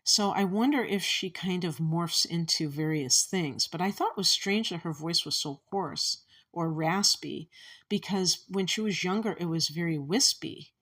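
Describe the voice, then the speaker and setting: A woman's voice: on the low side, unhurried, a bit bright. A woman from the Chicago area with a Chicago accent, giving a casual astrology commentary in a meandering, musing way that often restarts thoughts. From Chicago area, USA.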